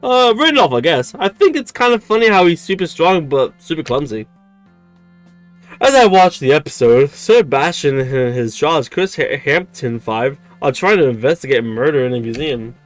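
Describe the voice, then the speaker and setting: Guy reading a dating sim out loud for chat, giggly, trips over words, faint game music. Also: on the high side, animated, normal speed, no room sound. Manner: chatty, giggly, stammering. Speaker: gaming streamer.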